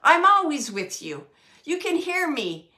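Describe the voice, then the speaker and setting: A woman voicing a loud, jovial male uncle spirit who speaks in emphatic, repeated lines. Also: sits high, very animated, unhurried, voice pushed up, exaggerated voice. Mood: boisterous. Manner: boisterous, repetitive and emphatic.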